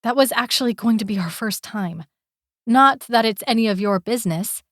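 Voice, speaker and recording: A woman voicing a defiant, sharp-tongued young woman in an audiobook, delivering biting, sarcastic retorts. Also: a little high, normal speed, no echo, clean studio sound, pitched above the performer's own voice, close to an everyday voice. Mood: irritated. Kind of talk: audiobook character voice.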